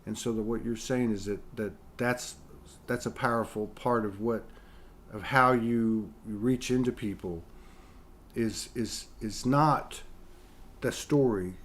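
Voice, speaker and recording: A man's voice: medium pitch, slow, slight background noise. A male host leads a casual interview in a mid-range voice. He meanders, repeating words and restarting sentences as he works his thoughts out.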